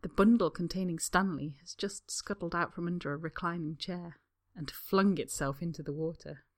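A woman narrating a fan story as an audiobook, in a soft, unhurried reading voice that at times drops near a whisper. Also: on the low side.

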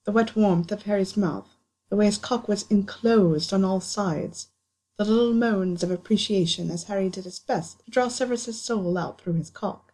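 Audiobook narrator: woman, mid-pitched, breathy and soft, steady reading. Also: moderate pace. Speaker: audiobook reader. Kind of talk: scripted narration.

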